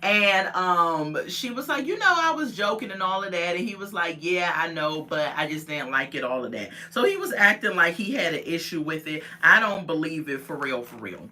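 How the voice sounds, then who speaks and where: Bright-voiced woman recapping casually. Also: on the low side, normal speed, few pauses. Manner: animated storytelling, acts out quotes, laughs often. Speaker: reality show recap vlogger. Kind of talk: casual chat.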